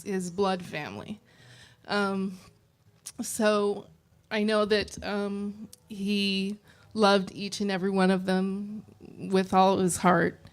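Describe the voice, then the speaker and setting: A woman giving a eulogy for her father, speaking softly and hesitantly, close to tears. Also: mid-range voice. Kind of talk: memorial speech.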